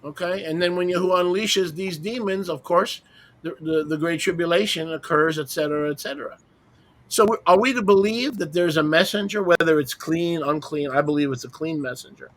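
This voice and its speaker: A man with a notably high speaking voice teaches a group discussion from his desk. He hammers points with rhetorical questions and scornful little asides. He keeps it conversational, as if walking the others through his screen. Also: a little fast. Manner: emphatic, fires rhetorical questions, mocking asides. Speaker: Bible teacher leading a roundtable.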